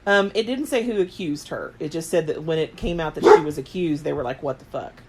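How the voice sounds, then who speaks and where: Late-30s woman podcaster, fairly low voice, loose rambly storytelling with lots of likes and ums. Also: fairly quick, heavy background noise. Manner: rambling, heavy on filler words. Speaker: podcast co-host. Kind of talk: casual chat retelling history.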